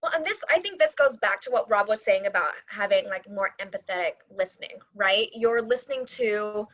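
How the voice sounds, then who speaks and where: A woman explains her approach to admissions in an earnest, steady way, dropping in the odd filler. Her voice comes through a dull, lo-fi video call line with a dry, close sound. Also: medium pitch, brisk, no room sound. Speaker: admissions coordinator. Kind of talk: panel discussion answer.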